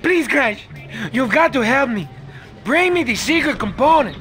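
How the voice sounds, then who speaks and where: A man's voice: extremely high pitch, lively intonation, unhurried, sharp tone, faint music behind, heavily acted. A flustered, pleading henchman scientist. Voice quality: fretful, pleading. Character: nervous, flustered adult male henchman scientist. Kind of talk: video game cutscene acting.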